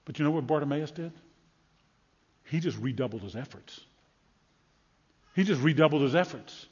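A man preaching a sermon, dramatically acting out scripture voices and rising to loud calls. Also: a little high, lively intonation, normal speed, husky. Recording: dull sound with long hall reverb.

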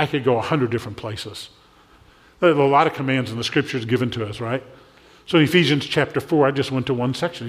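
A man preaching a sermon as pastor, conversational and asking his congregation questions. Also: medium pitch. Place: church. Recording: long hall reverb.

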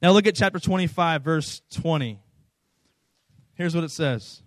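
A man's voice: a little high, a little slow, no echo, low-quality recording. A man in his thirties giving a casual, conversational sermon as a pastor, often repeating his words for emphasis.

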